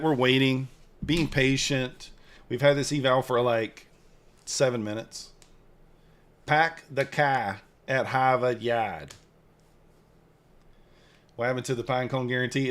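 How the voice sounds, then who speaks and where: A man's voice: mid-range voice, a bit bright. A man rambles through a casual live stream and jokes with his viewers. His voice sits in an ordinary middle range, and he talks loosely and off the cuff. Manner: rambling, joking with chat viewers. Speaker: futures trading live streamer.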